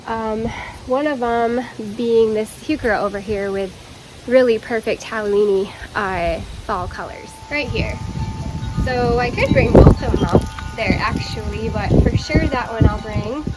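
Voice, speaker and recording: A woman's voice: a little high, measured pace, loud music behind the voice, rough recording. A woman chatting enthusiastically as she vlogs about her plants and porch decorations outdoors, talking straight to her viewers. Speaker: home and garden vlogger. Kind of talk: casual vlog narration. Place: outdoors on a home deck and porch.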